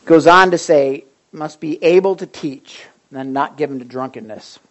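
A man, a pastor preaching a sermon to a small group, moving between loud emphasis and quiet asides. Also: fairly high pitch, moderate pace.

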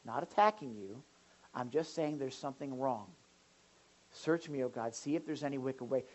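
A woman pastor preaching a sermon in an animated way, now and then acting out the voices of people in the pews. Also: very deep voice, normal speed, poor audio. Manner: animated, acts out congregants' voices.

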